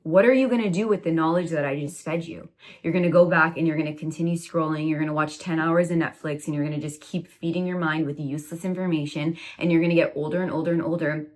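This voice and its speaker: A young woman in her twenties with a low voice lectures her viewers bluntly. She talks in a preachy, direct-to-camera monologue and fills it with "like" and "you know". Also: fairly even intonation, fast. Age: 20s. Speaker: self-love coach.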